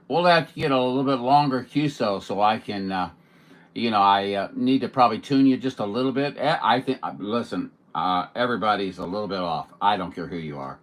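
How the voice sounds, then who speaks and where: A man chatting casually on a CB radio from home, in a relaxed, chatty way and somewhat hoarse. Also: medium pitch, a little fast. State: losing his voice. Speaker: CB radio operator. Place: home radio station in Missouri.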